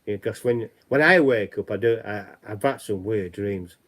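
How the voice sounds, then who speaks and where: A man's voice: on the low side, moderate pace, fairly bright tone. Chatty Yorkshire man hosting a livestream. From West Yorkshire, England. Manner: rambling, chatty, repeats himself. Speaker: livestream host. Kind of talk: casual livestream chat.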